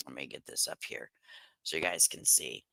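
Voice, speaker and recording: A woman's voice: extremely low pitch, expressive, normal speed, creaky, pushed and bright, no echo, low-quality recording. Chatty woman on a headset. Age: middle-aged. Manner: chatty, laughs often, Southern slang. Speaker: live-stream commentator. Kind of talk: casual live-stream chat. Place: home kitchen. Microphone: headset microphone.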